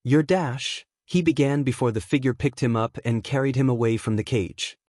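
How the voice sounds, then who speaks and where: A man narrating a fan fiction story in a steady, expressive reading. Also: mid-range voice, a little fast, no echo, studio quality.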